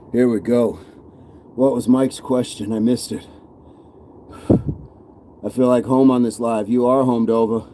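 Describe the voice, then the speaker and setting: A man's voice: mid-range voice, level tone, unhurried, pauses often, noisy background. A man coaching a live-streamed workout, counting reps aloud and encouraging viewers while chatting with the live chat. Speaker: fitness coach.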